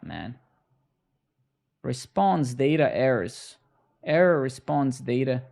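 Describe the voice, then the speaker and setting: A man's voice: mid-range voice, creaky. A young man live-coding on stream, bantering sarcastically and swearing at his chat as he works.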